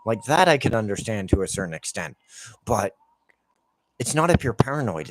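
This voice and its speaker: A man's voice: mid-range voice, big pitch swings, fairly quick, dry recording. A man giving heated, profane rants over gameplay commentary, with lots of filler "like". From Canada. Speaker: gameplay streamer.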